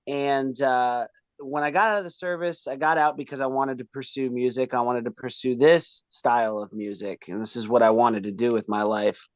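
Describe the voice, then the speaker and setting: A man's voice: medium pitch, fairly even intonation, normal speed, dry recording, muffled recording. A man, a band's vocalist, telling the story of how the band began in a rambling, casual interview. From Pennsylvania, raised in New England.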